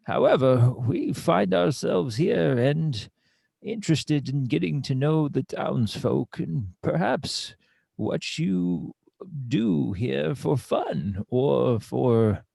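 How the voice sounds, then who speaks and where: A man's voice: mid-range voice, animated, slow pace, creaky, dark tone, husky, no echo, exaggerated voice. A man playing a blunt adventurer in tabletop role-play, with dry, teasing speech. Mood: wry, teasing.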